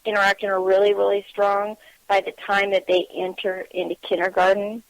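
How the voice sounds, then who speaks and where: A woman's voice: mid-range voice, level tone, brisk, dry recording, low-quality recording. Thoughtful woman radio host. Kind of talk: casual radio interview.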